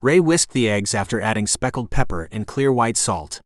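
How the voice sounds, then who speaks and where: Male narrator, audiobook, steady even reading, mid pitch, dry close mic. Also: moderate pace, no echo. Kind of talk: scripted narration.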